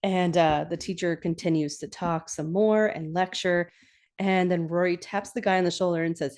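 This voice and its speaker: A young woman hosting a podcast, chatting casually as she recaps a TV episode with frequent giggles. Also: a little slow. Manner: chatty, giggly, animated, acts out quotes in a higher voice.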